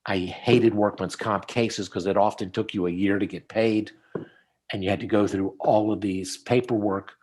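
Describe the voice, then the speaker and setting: Low-voiced dentist teaching over a call. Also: male voice, moderate pace. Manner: storytelling, animated when quoting people. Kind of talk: casual teaching chat over slides. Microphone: video call.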